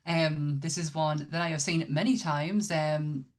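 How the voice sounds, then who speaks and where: A woman's voice: low voice, fairly even intonation, a little slow, a little mellow. A woman with a British accent co-hosting a casual podcast, chatty, with many ums and restarts. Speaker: podcast co-host.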